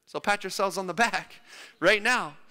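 A man preaches a sermon in a church hall, his voice sitting high, pushed and bright at normal speed. He is emphatic, repeating phrases for stress, and long church-hall reverb surrounds the recording.

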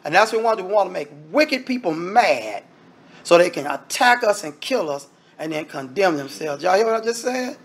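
A man's voice: high-pitched, animated, a little fast. A man preaching a sermon in an emphatic, conversational style, speaking straight to the congregation.

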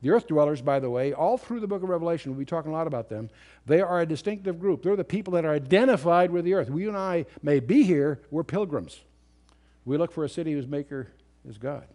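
Guy teaching bible verse by verse, kinda high voice, reads old king james lines then explains them, lots of uh and restarts. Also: lively intonation, fast, mellow. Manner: unscripted, emphatic, with frequent restarts and fillers; reads scripture aloud in King James wording. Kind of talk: verse-by-verse Bible commentary lecture. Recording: remastered lecture recording.

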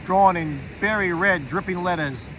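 A man reading a first-person fantasy audiobook in an expressive storytelling way, dropping to a quiet aside for the narrator's inner thoughts. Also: sits high, moderate pace, background noise.

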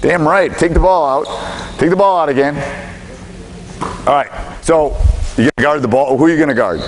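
Basketball coach running a gym drill. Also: male voice, fairly high pitch, a little hiss or hum, poor audio. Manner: instructive, brisk commands mixed with explanation. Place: gym during practice.

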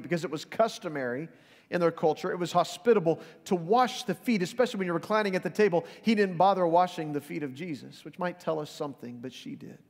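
Earnest preacher in a reverberant hall. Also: male voice, fast talker. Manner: earnest preaching, dropping low and soft for quotes, rising to urgent appeals. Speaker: pastor. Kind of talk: sermon. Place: church sanctuary. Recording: long reverb of a large hall.

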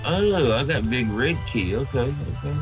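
A man's voice: medium pitch, expressive, normal speed, soft background music. A man casually playing a video game with a friend, laughing often and reading messages aloud. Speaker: gamer playing the granny. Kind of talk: casual gaming banter.

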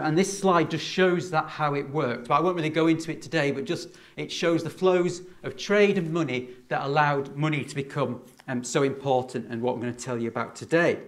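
A middle-aged man giving a lecture to children in a hall, chatty and full of fillers and restarts. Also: fairly high pitch. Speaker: university lecturer. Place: lecture hall with a live audience.

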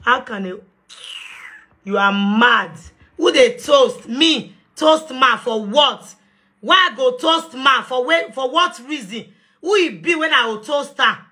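Nigerian woman, young adult, heated live rant, high and bright, confrontational, phone mic. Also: lively intonation, takes it slowly. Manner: confrontational, defiant, shouting at times. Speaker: live-stream host.

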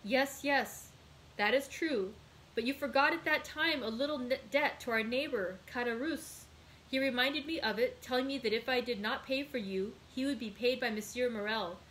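A woman reading aloud, voicing a frail, gentle elderly father in a slow, soft manner. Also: a little high, a little hiss or hum, natural voice, rough recording.

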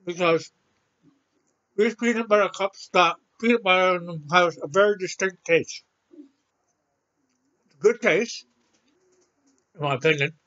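A man's voice: high voice, a little slow, pauses often, sharp tone, lo-fi sound. A man reviewing a snack in a casual vlog, chatting easily and talking with his mouth full. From Canada. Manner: chatty, eats while talking.

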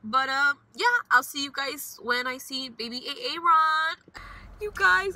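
A woman's voice: high-pitched, unhurried, sharp tone, poor audio. A young woman vlogging casually from her car, talking emotionally and rambling, swinging between upbeat and frustrated. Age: young adult. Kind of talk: casual vlog while driving.

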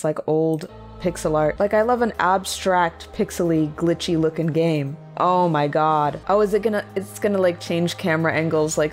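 A woman's voice: low voice, darkish tone. Sarcastic young woman playing horror games. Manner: chatty, sarcastic, playful. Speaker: horror game streamer. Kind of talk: casual gaming commentary.

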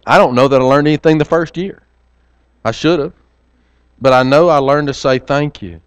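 Preacher, earnest storyteller, smooth resonant tone, stumbles and repeats words. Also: male voice, a little high, no room sound. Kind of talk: sermon with personal storytelling.

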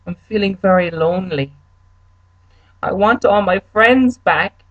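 A man's voice: high voice, measured pace, no echo, muffled recording, pitched above the performer's own voice. A man voicing a lonely, abandoned castaway who speaks plaintively.

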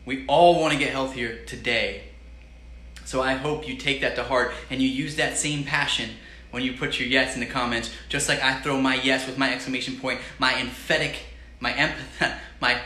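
Upbeat male livestream host, piercingly bright tone, echoey room, relentless motivational patter. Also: mid-range voice. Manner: enthusiastic, repetitive motivational pep talk. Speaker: healthy-cooking livestream host. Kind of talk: live-stream cooking chat with viewers.

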